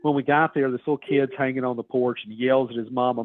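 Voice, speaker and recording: A man guest telling a story over a phone call, quoting people in a raised voice. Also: fast. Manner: animated storyteller, acts out quotes in a high voice. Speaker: author guest. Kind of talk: casual storytelling. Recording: tinny phone line.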